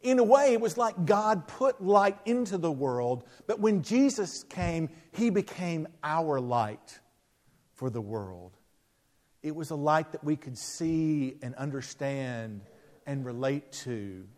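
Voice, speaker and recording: A man from the United States preaching a sermon, telling stories with emphatic rises and soft, quiet drops. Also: a little high, animated, takes it slowly. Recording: long reverb of a large hall.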